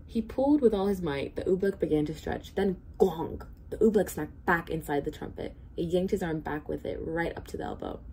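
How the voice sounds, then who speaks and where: Woman reading a kids book out loud, lowish mellow voice, faint hum behind. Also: fairly quick, few pauses. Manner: expressive, steady reading. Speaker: hospital volunteer reader. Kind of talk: storybook read-aloud.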